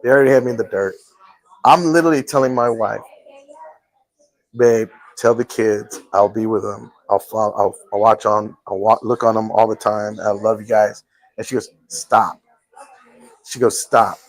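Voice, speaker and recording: A man's voice: on the low side, fairly even intonation, normal speed, low-quality recording. A male live-show host telling a personal story in casual chat, earnest and full of restarts.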